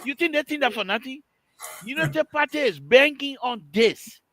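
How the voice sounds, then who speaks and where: Animated radio host, bright voice. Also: male voice, extremely high pitch, moderate pace, a little hiss or hum. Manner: animated, teasing, mimics voices, laughs often. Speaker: radio talk show host. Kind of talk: casual call-in radio banter. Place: radio studio.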